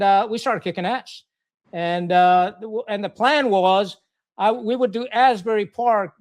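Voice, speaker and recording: Blunt, high-voiced middle-aged man telling war stories. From Pakistan. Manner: blunt, profane, many restarts and fillers. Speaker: podcast guest, retired Marine officer. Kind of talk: war storytelling in casual conversation.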